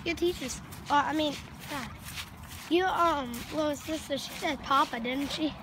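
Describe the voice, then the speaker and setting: Filming herself outdoors on a street with a handheld camera, a talkative woman chats in a playful, casual way, her high voice moving at normal speed. She swings from loud to hushed, over heavy traffic and street noise.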